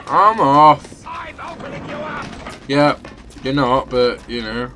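A man's voice: medium pitch, expressive, extremely slow, bright, forceful tone. A man commentating his video game play, swearing and taunting enemies. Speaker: gamer. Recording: game music behind. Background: game music and sounds.

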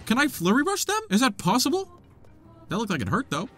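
A young man giving excitable let's play commentary, laughing often and talking back to the game characters. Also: a little high, brisk, a little hiss or hum. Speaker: gaming video creator.

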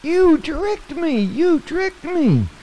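A squeaky frightened little mouse. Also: male voice, sing-song, very slow, creaky, dark tone, husky, exaggerated voice. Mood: upset. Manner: squeaky, shrill and panicky. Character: small frightened young male mouse. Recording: long hall reverb.

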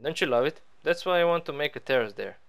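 Here the man's voice runs on the high side, fast and animated, with vocal fry. As a gaming channel host, he narrates his building in a rambling, playful let's-play, poking fun at himself.

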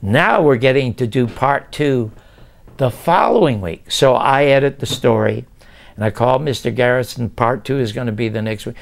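An older man with a gravelly, rough-edged voice settles into a relaxed interview and tells long stories from his career. He is lively and animated, and slips into the voices of the people in his tale. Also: medium pitch, normal speed. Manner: animated, acts out past conversations. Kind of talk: casual storytelling interview.

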